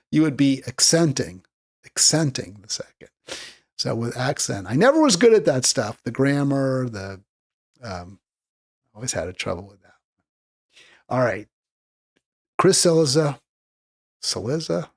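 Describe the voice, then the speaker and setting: A man hosting a solo political talk show, rambling casually from point to point. His voice sits in an ordinary middle pitch, and he breaks now and then into louder, more emphatic stretches. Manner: casual, digressive, rising emphatic bursts.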